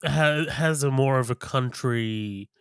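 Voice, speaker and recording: A man co-hosting a casual film podcast, relaxed and laughing often, with many fillers. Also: medium pitch, takes it slowly, clear, resonant tone. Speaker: podcast co-host. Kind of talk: casual film-review chat.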